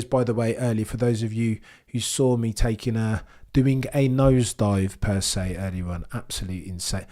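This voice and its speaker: Man, low-ish voice, livestream race commentary, verbose and animated. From Britain. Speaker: F1 livestream host. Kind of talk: live watchalong commentary and chat reading.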